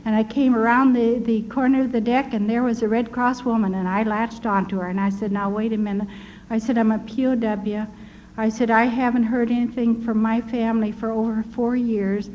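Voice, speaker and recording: A woman's voice: a little high, little pitch movement, brisk, a little mellow. Older american woman telling her story, tender and earnest, kinda dull old recording. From United States. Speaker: storyteller recounting wartime experiences. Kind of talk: personal testimony. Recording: slightly dull recording with faint hiss.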